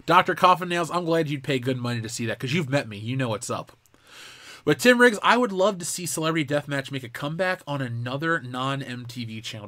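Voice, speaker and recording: A man's voice: mid-range voice, bright, forceful tone, no echo. A young man hosting a live pop culture show, ranting in a heated, profane way. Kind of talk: live-stream commentary rant.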